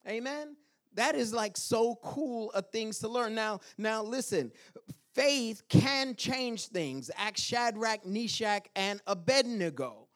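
Animated high-pitched preaching man. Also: slow pace. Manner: animated preaching with call-and-response "Amen?"; drops to a whisper and quiet asides. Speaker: pastor. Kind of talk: sermon.

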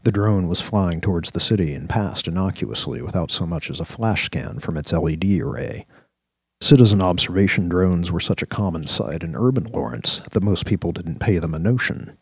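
Very deep, husky male narrator. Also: no echo. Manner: measured, descriptive storytelling. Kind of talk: scripted audio-drama narration.

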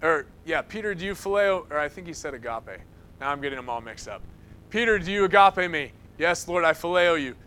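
A man preaching a sermon, telling stories in an animated way and acting out the quoted lines. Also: on the high side, a little fast, clean tone. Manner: animated storytelling, acts out quotes.

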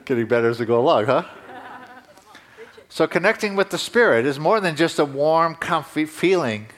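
A man preaching a sermon to his congregation in a conversational way, rising in pitch and emphasis at key points. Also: expressive, moderate pace, a bit bright. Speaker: pastor.

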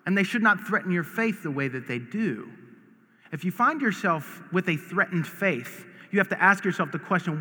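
A man from the United States preaching a sermon as pastor, earnest and emphatic, often repeating words and rising to shouts. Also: high-pitched, lively intonation, normal speed. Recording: long reverb of a large hall.

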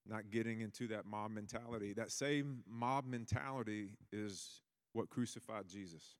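A man's voice: mid-range voice, big-room sound. Casual rambling male preacher. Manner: casual, rambling, with many restarts. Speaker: pastor. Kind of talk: sermon.

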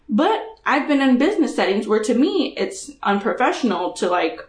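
A blunt woman co-hosting a podcast, talking in a lively, animated way and cursing freely. Her voice sits a little high. The room around her is echoey. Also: fairly quick, hardly any pauses. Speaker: podcast co-host. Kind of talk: casual podcast chat.

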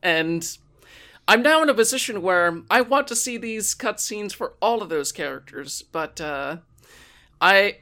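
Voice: medium pitch, expressive, unhurried, bright, forceful tone. A speaker in a casual chat about video games, thoughtful and rambling.

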